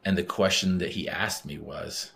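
A man's voice: low voice, steady tone, normal speed, creaky, fairly bright tone, a little hiss or hum. A middle-aged man, a podcast guest, telling a personal story in a conversational way and acting out the dialogue. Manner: vivid storyteller who acts out quoted dialogue.

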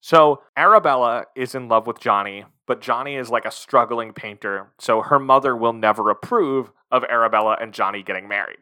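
A man co-hosting a casual movie-review podcast, wry and quick to laugh. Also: medium pitch, pushed and bright. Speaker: podcast co-host.

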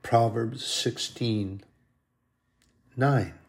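Male pastor, mid-range voice with gravel, earnest repetitive sermon delivery. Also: medium pitch, fairly even intonation, very slow. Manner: earnest, repetitive preaching cadence.

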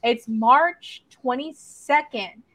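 A woman's voice: high voice, drawn-out words, a bit bright, no echo, poor audio. A young woman co-hosting a podcast, recapping a series in casual chat and swearing freely as she tells the story. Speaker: podcast co-host.

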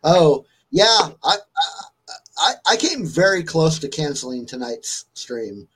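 Slightly high-voiced man, rambling casually. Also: sing-song, takes it slowly, a bit bright, husky, poor audio. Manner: rambling, filler-heavy storytelling. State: recovering from a fever. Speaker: stream host. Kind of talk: casual chat.

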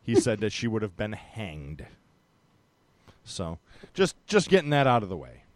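A man's voice: fairly low pitch, wildly swooping pitch, a little slow, no echo. Rambling, joking male podcast host. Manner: rambling, many fillers, joking. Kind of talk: casual podcast chat.

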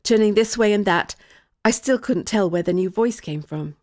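A woman narrating a first-person story in a clear, expressive way. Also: medium pitch, moderate pace, no room sound, clean studio sound.

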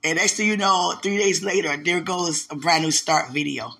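A woman's voice: on the low side, moderate pace, creaky, fairly bright tone. A woman giving a casual spoken testimony as a church member, telling stories animatedly and turning to the listener with preachy asides.

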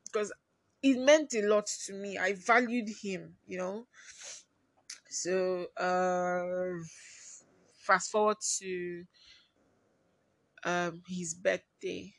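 A woman hosting her own podcast, talking through a personal story in a confiding way and often trailing off quietly. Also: lowish voice, steady tone, very slow, vocal fry, long pauses, no echo. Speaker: podcast host.

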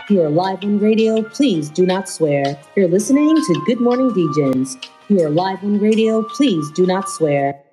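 A woman with a British accent reading a short, measured station announcement. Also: medium pitch, lively intonation. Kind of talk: recorded announcement. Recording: announcement played over music.

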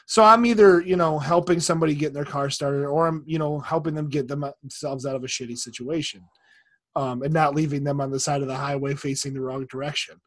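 A man's voice: a little high, fairly even intonation, fairly quick, fairly bright tone. A young man in casual chat, a rambling storyteller who swears freely and laughs often.

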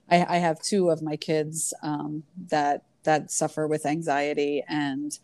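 Low, mellow-voiced woman in her thirties. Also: dry recording. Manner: earnest, storytelling with hesitant fillers. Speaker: yoga teacher. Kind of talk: casual conversation.

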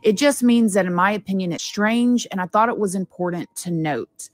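A woman on a true crime show calmly offering a balanced opinion. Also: mid-range voice, no echo. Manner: measured, even-handed.

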